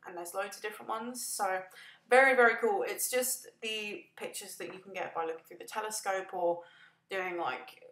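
A woman's voice: mid-range voice, steady tone, normal speed, a bit bright. A woman chatting through a casual voice-over, rambling and self-deprecating, laughing and yawning often. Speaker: gaming video creator narrating a build. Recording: echoey room.

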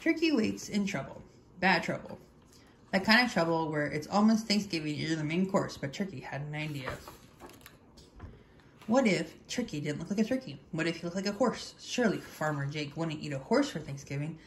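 A woman reading a children's picture book aloud in an animated, expressive storytelling manner. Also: deep voice, moderate pace, a little hiss or hum. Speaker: storybook reader.

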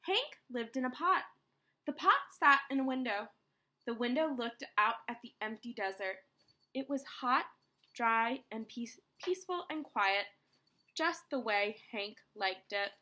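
Bright, lively woman reading to children. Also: on the high side, a little slow. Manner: expressive, addresses listeners as friends. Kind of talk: children's read-aloud.

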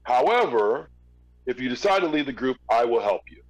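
A man in an interview, casually telling a long story with relaxed restarts. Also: mid-range voice, normal speed, no echo, rough recording. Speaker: interview guest, former record label executive.

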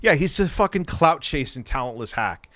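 A man hosting a livestream, ranting angrily with lots of profanity and sudden bursts of shouting, and he says he is stoned. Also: fairly high pitch, animated, moderate pace, no echo. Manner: profane, angry, shouting at times. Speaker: livestream host. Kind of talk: heated livestream rant.

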